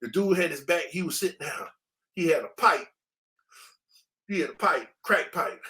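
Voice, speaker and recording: High-voiced man telling a story. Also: normal speed. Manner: animated, slangy, acts out sounds. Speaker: interview guest. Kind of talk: casual storytelling.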